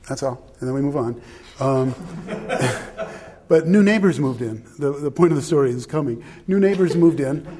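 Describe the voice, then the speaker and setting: A man's voice: mid-range voice, a little mellow. A man telling a rambling, self-deprecating personal story in casual conversation, laughing often. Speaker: husband sharing a personal story.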